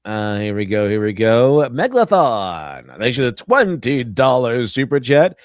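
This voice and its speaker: Lively, expressive male stream host. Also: mid-range voice, a little slow, dry recording. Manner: lively, playful, slips into mock voices. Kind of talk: casual livestream chat, reading donations.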